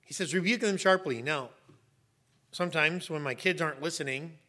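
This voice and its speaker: A man's voice: a little high, moderate pace. Emphatic man preaching a sermon. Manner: emphatic, rising to sharp raised shouts. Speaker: pastor.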